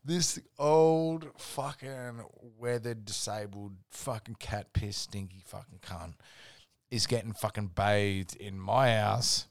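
A man's voice: fairly low pitch, takes it slowly, no room sound. An Australian man, a podcast guest, telling a rambling, profane anecdote in casual chat. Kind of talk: casual storytelling.

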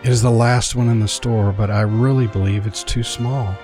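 A man's voice: mid-range voice, steady tone, moderate pace, music in the background, lightly acted. A man voicing a polite shopkeeper. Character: stunned, apologetic male bell shop owner.

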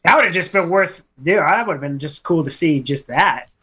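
A man's voice: on the high side, animated, normal speed, bright, forceful tone, husky. A man co-hosting a radio show, joking around and laughing in casual banter. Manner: jokey, laughs often, tries silly accents. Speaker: radio co-host.

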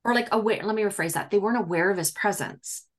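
Speaking fast in a mid-range voice, a woman guest tells her story in a casual interview. She fills it with verbal fillers and acts out what people said to her.

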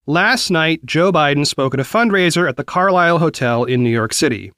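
A man's voice: fairly high pitch, a bit bright, no room sound. Guy in his 40s from the south doing a news show, reads quotes then talks it thru, voice jumps around a lot, dry close sound. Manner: conversational, reads quotes then explains them. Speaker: podcast news host. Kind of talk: reading and commenting on news.

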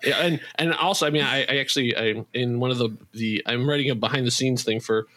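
A man hosts a casual behind-the-scenes chat for his audio drama podcast. His voice is bright and forward, and he rambles along with frequent restarts and fillers. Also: medium pitch, quick pace. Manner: chatty, rambling with many restarts. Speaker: podcast creator and host.

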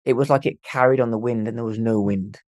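A young man telling a ghost story as a podcast guest, animated and swearing freely as he acts out what people said. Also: medium pitch, fast, dry recording. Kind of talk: casual storytelling.

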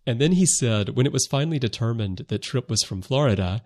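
A man's voice: mid-range voice, expressive, a little fast, darkish tone. A man from the American South co-hosting a casual podcast discussion, thoughtful and rambling with frequent restarts. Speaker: podcast co-host.

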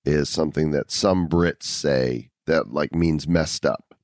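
A man's voice: a bass voice, slow, a little mellow, dry recording, clean studio sound. A man hosting a podcast in casual chat, joking and wordplaying while he reads sponsor lines. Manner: playful, punning, reads sponsor ads. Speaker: podcast host.

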